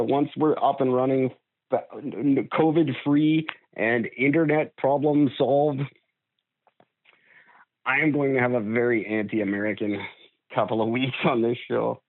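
A man's voice: medium pitch, fairly even intonation, a little slow, no room sound, narrow, tinny audio. A man co-hosting a podcast, talking in a blunt, sweary, sardonic way in casual chat. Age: older. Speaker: podcast co-host.

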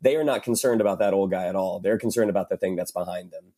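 A man's voice: deep voice, fast talker, mellow. A man, an actor and writer, guesting on a film podcast and talking thoughtfully with lots of fillers. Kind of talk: casual film discussion.

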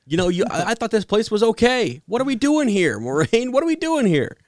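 A man putting on a high, whiny voice as a panicky young man. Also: big pitch swings, brisk, dry recording, clean studio sound. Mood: panicked. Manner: high squeaky complaining voice.

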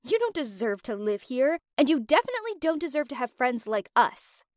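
A woman's voice: high-pitched, big pitch swings, a little fast, dry recording, clean studio sound. A woman voicing a bitter, jealous young woman who speaks in a scornful, accusing way.

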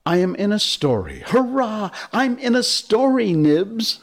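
A man doing an excitable little lost boy. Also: sits high, measured pace, voice pushed up, heavily acted. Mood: thrilled.

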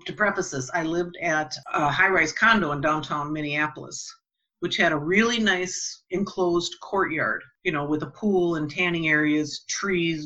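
A woman telling a personal story in a casual, animated way, acting out the voices of the people in it. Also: low voice, highs cut off.

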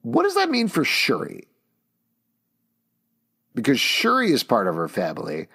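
A man's voice: mid-range voice, unhurried, creaky, husky. A man in his thirties, co-hosting a podcast, talking eagerly and often chuckling in casual discussion. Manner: animated, enthusiastic, chuckles often. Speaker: podcast co-host.

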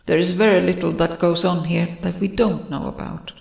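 A woman reading a calm male cosmic being in an audiobook, speaking in a dry, formal, measured way. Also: lowish voice, gravelly, reverberant, in a large hall.

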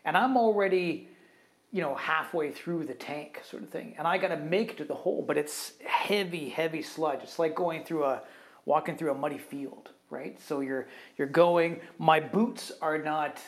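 A man's voice: a little high, moderate pace. A man co-hosting a podcast, telling a long work story in a casual, rambling way and often tagging his sentences with "right?". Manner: animated, acts out other people's quotes; rambling with fillers like "right?" and "kind of thing". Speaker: podcast co-host.

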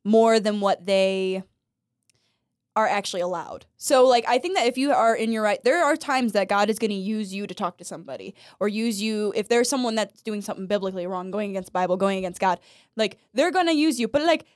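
A woman's voice: mid-range voice, fairly quick, dry recording, studio quality. Chatty woman co-hosting a faith podcast. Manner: chatty, laughs often, acts out quotes. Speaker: podcast co-host. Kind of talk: casual Christian podcast chat.

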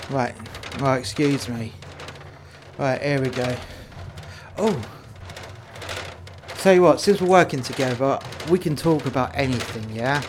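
A man's voice: medium pitch, animated, unhurried, long pauses, a little hiss or hum. A man in casual game role-play chat, crude and heavily profane, rambling through stories as he goes. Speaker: player in prison role-play.

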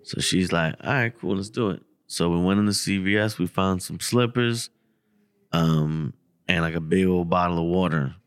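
A man co-hosting a podcast, telling a story in casual, profane, animated chat. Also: moderate pace, clear, resonant tone, no room sound. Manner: animated, profane, gets loud and high when acting out the story. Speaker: podcast co-host.

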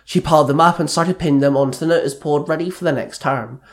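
A man's voice: fairly high pitch, steady tone, fast. Man reading fan fiction aloud. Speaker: narrator.

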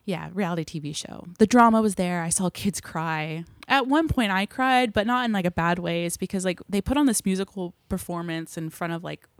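A woman's voice: fairly low pitch, fairly quick, hardly any pauses, dry recording. Chatty young woman on a dry mic. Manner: chatty, animated storytelling with many fillers. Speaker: guest, film crew member. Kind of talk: casual interview chat.

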